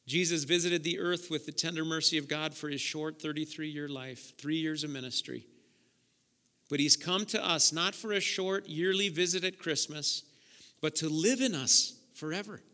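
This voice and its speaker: Preaching at a moderate pace, a pastor speaks with a fairly high, bright, forceful voice. His sermon is impassioned, and he repeats words whenever he's worked up. The recording carries the long reverb of a large church sanctuary.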